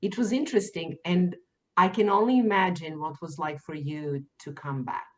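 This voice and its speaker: A woman interviewer whose first language is Serbian, asking questions and sharing her own experiences in a thoughtful, expressive way with slow, emphatic phrasing. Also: fairly low pitch, rough recording. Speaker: podcast host interviewer. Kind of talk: conversational interview.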